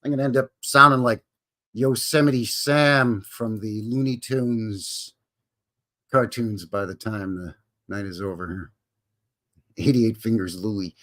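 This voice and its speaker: With a medium pitch, measured pace and sharp tone, a man from Alberta talks casually on a live stream. His Canadian accent comes through as he rambles folksily and greets viewers by name.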